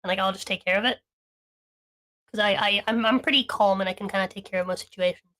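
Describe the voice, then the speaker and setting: A woman's voice: medium pitch, fast talker, a bit bright. A woman co-hosting a podcast, telling stories in a heated, profane, rambling way. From Latina. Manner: profane, heated ranting storyteller. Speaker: podcast co-host. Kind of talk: casual storytelling chat.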